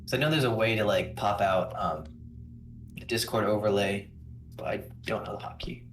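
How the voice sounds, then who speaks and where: A man co-streaming a watch party, chatting casually and asking quick questions. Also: lowish voice, a bit bright, slight background noise. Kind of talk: casual chat.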